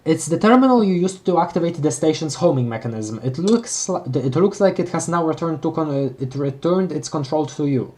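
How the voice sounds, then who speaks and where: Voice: mid-range voice, expressive, brisk, few pauses, a little mellow. A streamer reading a webcomic aloud on a live read-along, often stumbling over words and reacting with gasps and emotion. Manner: reads aloud with frequent stumbles and restarts.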